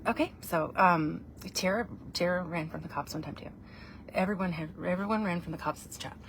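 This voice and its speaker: A woman's voice: lowish voice, a little fast, a bit bright, a little hiss or hum. A woman, chatting in a casual, rambling vlog, playful and self-mocking. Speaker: vlogger.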